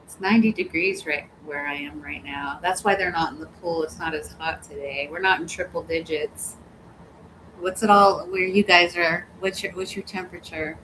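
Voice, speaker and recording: A woman's voice: lowish voice, steady tone, moderate pace, noisy background. A woman hosting a casual livestream, reading viewer comments aloud, laughing often and cussing freely. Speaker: livestream host. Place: home, hot weather.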